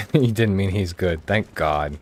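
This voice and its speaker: Deep-voiced American guy joking over gameplay. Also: slow. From United States. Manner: joking, irreverent. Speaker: gaming streamer. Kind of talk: casual let's-play commentary. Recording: voice over game audio with music.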